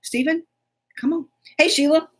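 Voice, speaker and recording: A woman's voice: high voice, fairly even intonation, moderate pace. A woman hosting a casual live stream, chatty and laughing often as she greets viewers by name. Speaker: host.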